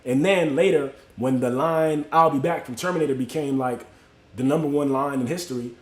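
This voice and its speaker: A man's voice: mid-range voice, fairly quick, a little mellow. Man, livestream host, casual motivational storytelling, slangy street talk, echoey room. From Miami. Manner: greets viewers mid-story.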